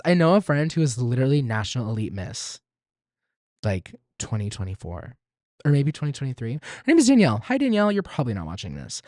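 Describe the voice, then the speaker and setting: Young male podcast host from Texas, solo monologue, mid-pitched, playful and self-mocking, dry small-room sound. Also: no echo. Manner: chatty and self-deprecating, with sudden squeals and laughs.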